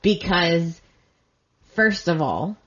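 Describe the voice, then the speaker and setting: Slow, low-voiced woman podcast host. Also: expressive, fairly bright tone, muffled recording. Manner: earnest, emotionally invested, indignant. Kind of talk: emotional recap monologue.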